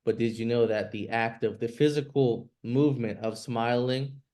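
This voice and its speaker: A man's voice: medium pitch, steady tone, normal speed, warm tone. A man coaching a group over a video call, direct and blunt, with casual swearing and lots of "like" as filler. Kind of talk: motivational coaching talk.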